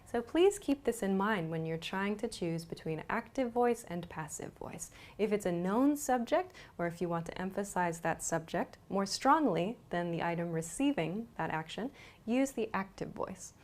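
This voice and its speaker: A woman teaching a grammar lesson, explaining slowly and clearly and repeating example sentences. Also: medium pitch, animated, darkish tone. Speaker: English teacher.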